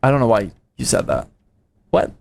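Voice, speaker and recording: A man's voice: on the low side, very animated, normal speed, vocal fry, a little mellow, a little hiss or hum. A young man from the United States, a PC building streamer, chatting casually with his live chat in a slangy, playful way.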